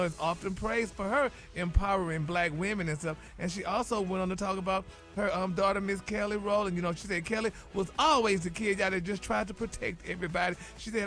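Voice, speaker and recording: A sassy man dishes celebrity gossip on morning radio, tossing in "honey" and "y'all" all the time. His voice is high and chatty, and soft music runs under it.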